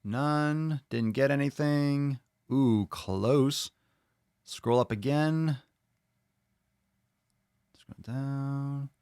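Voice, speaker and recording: A man's voice: mid-range voice, drawn-out words, long pauses, a little mellow, clean tone, no echo, studio quality. A man hosting a podcast, chatting casually and bluntly, swearing freely as he reads viewer comments aloud and reacts to them. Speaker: podcast host.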